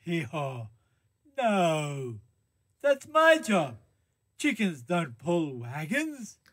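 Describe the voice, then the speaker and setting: A high, sing-song donkey puppet voiced by a man who keeps braying hee-haw between his words. He drawls slowly and swoops up and down, earnest and a bit mopey, the way a kids' church puppet talks. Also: wildly swooping pitch, fairly bright tone, full character voice. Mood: matter-of-fact. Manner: punctuates speech with hee-haw brays. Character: glum male donkey puppet, earnest, brays. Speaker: kids' time puppet character.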